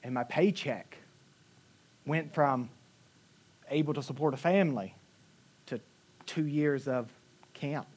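A male pastor preaching a sermon, telling personal stories with lively delivery, acting out quotes and swinging from loud to quiet. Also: fairly high pitch, slightly rough. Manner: animated storytelling, acting out quotes with big swings in loudness.

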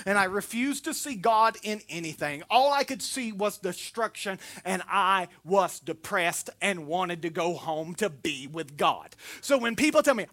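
A Southern man preaching with a bright, forceful edge to his voice. He talks in a folksy, joking way, rising loud and dropping soft by turns, like a pastor at the pulpit. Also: sits high. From Florida. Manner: folksy, humorous, swings between loud and soft. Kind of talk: sermon.

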